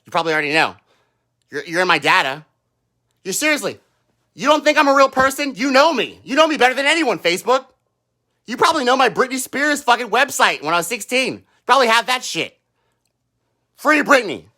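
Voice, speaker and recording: Angry guy ranting on a livestream, swears a lot, voice jumps all over, sharp edge to it. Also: high voice, sing-song, fairly quick. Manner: heated, profane, ranting with mocking put-on quotes. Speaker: political livestreamer. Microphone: own microphone.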